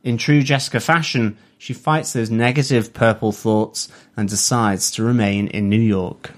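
A man hosting a TV review podcast who reads out an episode synopsis in a steady, measured way. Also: fairly low pitch. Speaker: podcast host. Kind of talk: casual review chat and read synopsis.

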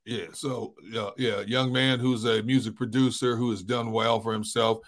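A man's voice: medium pitch, little pitch movement, normal speed. A middle-aged man hosting a sports talk show, easygoing, telling stories and giving pep talks. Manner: easygoing, storytelling, preachy at times. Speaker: sports radio host.

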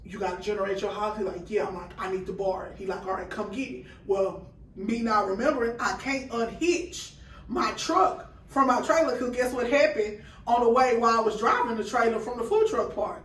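This podcast guest, a woman with a food truck business, speaks briskly in a voice that's a little high. She chats casually through a story, doing the quoted voices as she goes. Her distance from the mic leaves a roomy sound.

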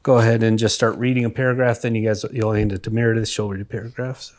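A man's voice: fairly low pitch, flat delivery, fast talker, a little mellow, soft background music. A young man hosting a comedy podcast, running games and teasing his guests. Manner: runs the games, apologetic and teasing. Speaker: podcast host. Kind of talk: casual comedy podcast chat.

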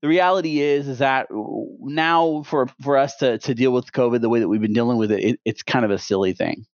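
A man's voice: medium pitch, a little fast, no room sound. A man in his thirties co-hosting a podcast, talking casually with a rambling, opinionated manner and many restarts. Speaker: podcast co-host. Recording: dull, dry podcast audio.

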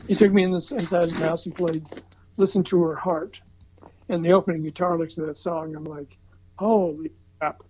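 An older man from the American South, telling an animated story in casual chat with chuckles and restarts. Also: a little high, brisk. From Southern United States. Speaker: record promotion veteran telling a story. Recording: slightly dull, muffled recording.

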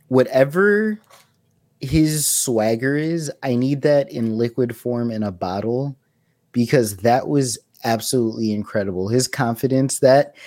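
A man's voice: medium pitch, a little mellow, no echo, clean studio sound. A man co-hosting a podcast, chatting casually and with enthusiasm. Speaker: podcast co-host. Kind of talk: casual chat.

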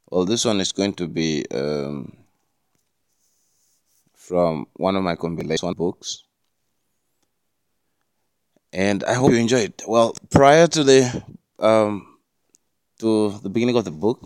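A man's voice: sits low, no echo, studio quality. A man hosting a solo podcast, talking casually in a rambling, profane way with many restarts. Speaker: podcast host.

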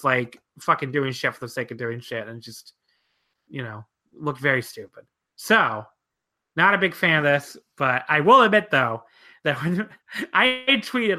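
A bright, sharp-toned co-host chatting loosely on a podcast, dropping swear words and fillers everywhere. The delivery is animated and loose, often breaking into laughter mid-story. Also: medium pitch. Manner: many filler likes and you-knows. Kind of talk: casual chat.

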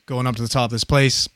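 Profane, animated paramedic telling a story. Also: male voice, mid-range voice, vocal fry, no room sound, studio quality. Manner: profane, animated, acts out quoted voices. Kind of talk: casual storytelling.

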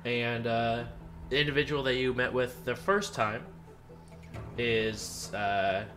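A man narrating a tabletop role-playing game as game master, halting with many fillers. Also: mid-range voice, fairly bright tone, soft background music.

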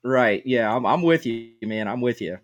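Man, easygoing co-host, lively up-and-down pitch, casual talk. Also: moderate pace. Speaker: podcast co-host. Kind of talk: casual sports podcast chat.

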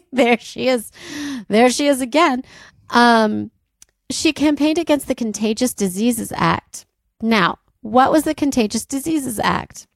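A woman's voice: fairly high pitch, animated, slow, creaky, no room sound. A woman co-hosting a casual history podcast, telling the story from her notes with wry, amused asides. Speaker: podcast co-host.

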